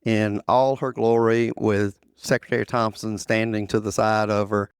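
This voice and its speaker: A man's voice: lowish voice, level tone, normal speed, smooth, dry recording, studio quality. An older man, a former association president, telling a long story in an interview, often repeating phrases and quoting others. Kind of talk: storytelling in conversation.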